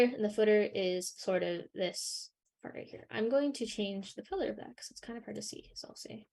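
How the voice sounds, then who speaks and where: A young woman leading a live coding workshop, talking through her screen with many ums and pauses, her voice a little worn. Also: mid-range voice, vocal fry, darkish tone. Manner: hesitant, many ums and sort ofs. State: losing her voice a bit. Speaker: workshop instructor.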